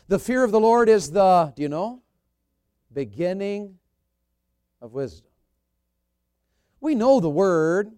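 A man delivers an emphatic church sermon in a notably high voice. His delivery swings from loud, pressing questions to quiet, gentle asides. The recording is dry and close. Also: no room sound. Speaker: evangelist preacher. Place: church service.

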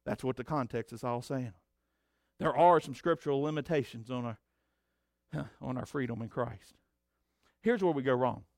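A man preaching a sermon as pastor, swinging between loud emphatic declarations and low conversational asides. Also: moderate pace, vocal fry, dry recording, studio quality.

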